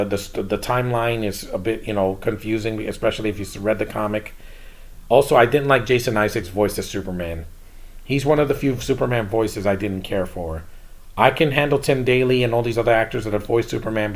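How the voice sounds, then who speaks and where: A man hosting his own channel, giving a casual, blunt and rambling movie review. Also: on the low side.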